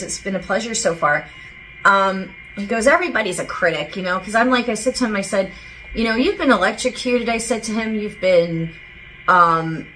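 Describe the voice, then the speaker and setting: A woman's voice: mid-range voice, pushed and bright, rough recording. A woman working as a psychic medium, talking casually and rambling as she relays what a spirit tells her. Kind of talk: casual channeling session.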